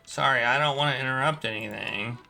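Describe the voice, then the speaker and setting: A man's voice: mid-range voice, vocal fry, bright, forceful tone, faint music behind. A man streaming a game, casually reading its story text aloud with occasional stumbles. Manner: quick, casual narration with stumbles.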